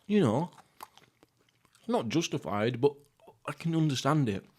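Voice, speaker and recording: A young man from England hosting a casual solo podcast while eating, rambling through jokey, crude, deadpan stories. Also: on the high side, measured pace, breathy edge. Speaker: podcast host. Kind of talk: casual solo mukbang chat.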